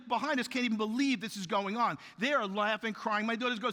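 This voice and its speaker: A man giving an animated, jokey keynote speech to a conference audience, telling stories and questioning the crowd. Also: high-pitched, a little fast. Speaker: keynote speaker. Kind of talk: motivational keynote storytelling. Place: large conference hall. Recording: reverberant hall, live speech.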